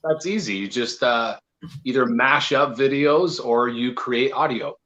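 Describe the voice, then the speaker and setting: A man's voice: medium pitch, unhurried, sharp tone. A man, a content-creator guest, telling laid-back, joking anecdotes in casual chat. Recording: muffled lo-fi audio.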